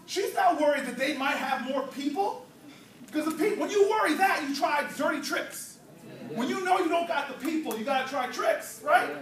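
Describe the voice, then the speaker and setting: High-voiced man giving a rousing church speech. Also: animated, normal speed, fairly bright tone. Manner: preacherly, playful, call and response with crowd. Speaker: political speaker. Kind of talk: rousing speech with humorous storytelling. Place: church hall, indoors. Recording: echoey hall, distant mic, crowd.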